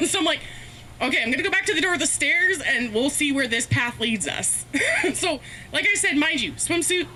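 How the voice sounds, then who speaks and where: A woman's voice: fairly high pitch, bright, forceful tone. A woman telling a rambling, profane, self-mocking story as a stand-up comedian, laughing often. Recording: faint background noise, live stream.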